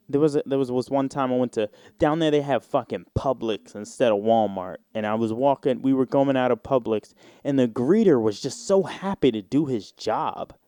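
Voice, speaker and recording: Podcast host: a laid-back New York man with a mellow tone and a dry, close mic. He talks in a loose, profane, slangy ramble. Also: mid-range voice, clear, resonant tone, no echo. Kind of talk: casual solo podcast monologue.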